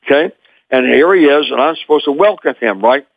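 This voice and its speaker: An older man from Memphis, Tennessee, telling animated stories as an interview guest and chuckling often. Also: mid-range voice, a little fast, creaky, dry recording, narrow, tinny audio. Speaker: guest, former child actor. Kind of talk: anecdotal storytelling.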